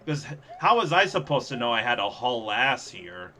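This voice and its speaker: A young man giving live, sarcastic gameplay commentary as he streams, reacting fast and laughing at his own mishaps. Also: medium pitch, very animated, bright, forceful tone, a little hiss or hum. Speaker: streamer playing a level contest.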